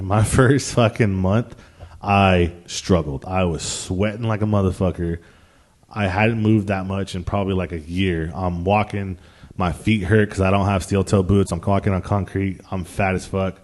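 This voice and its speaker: A man's voice: low voice, darkish tone. A young man telling a story to his viewers in a casual, rambling way, swearing a lot and using plenty of slang. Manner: profane, slangy and rambling, with frequent restarts. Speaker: vlogger.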